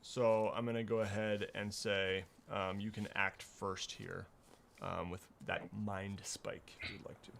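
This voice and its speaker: A man running a tabletop game speaks slowly with a gravelly edge. He hesitates often and fills the gaps with ums. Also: fairly low pitch, little pitch movement, a bit bright, slight background noise. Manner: unhurried, hesitant, lots of fillers. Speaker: game master.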